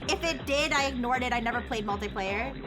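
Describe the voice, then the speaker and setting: A woman chats casually on a livestream in a high, bright voice, rambling and laughing often. She fills her sentences with "like", and music plays clearly behind her. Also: brisk.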